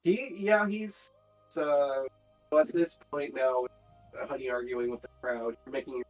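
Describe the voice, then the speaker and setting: A man runs a tabletop game as its game master, his voice at a middling pitch. He narrates in a halting way, full of fillers and restarts. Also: steady tone, faint music behind, rough recording.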